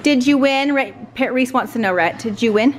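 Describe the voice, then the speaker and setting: A woman's voice: on the high side, moderate pace. A woman chatting playfully in a casual family vlog from her home. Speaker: vlogger mom. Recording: loud background noise and clicks.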